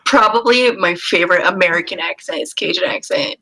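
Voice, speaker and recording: A woman at a tabletop game who speaks in a bright, clear tone. Her remarks are blunt and dry. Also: on the low side, a little fast, poor audio. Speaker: player. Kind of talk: casual tabletop chat.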